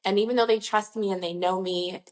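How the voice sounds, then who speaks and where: A woman's voice: medium pitch, fairly even intonation, brisk. A woman working as a nurse injector, talking casually to camera in a chatty, reassuring, rambling way. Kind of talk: casual talk-to-camera vlog.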